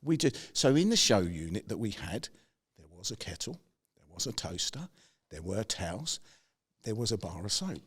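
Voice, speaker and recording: A middle-aged man, hosting a podcast and telling a long anecdote in a lively, conversational way. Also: fairly low pitch, normal speed, breathy edge. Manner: lively storyteller who acts out the people in his story. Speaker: podcast host.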